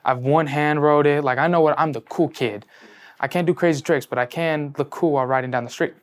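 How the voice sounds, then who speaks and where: A teenage guy, fresh out of high school, sits for an interview and earnestly shares how he came to faith. He says "like" constantly, shifts between hushed and excited moments, and talks fairly quickly.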